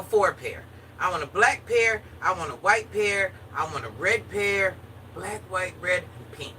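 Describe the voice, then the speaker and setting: A woman's voice: on the low side, sharp tone. A woman chatting casually with her viewers in a playful, joking manner. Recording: distant mic with faint background noise.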